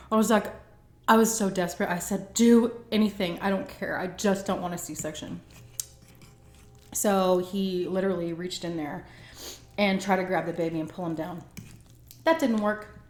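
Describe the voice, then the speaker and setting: A woman's voice: mid-range voice, fairly even intonation, moderate pace, pauses often. A woman vlogger telling a story to camera in a chatty, dramatic way, acting out what people said. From Texas. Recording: roomy echo.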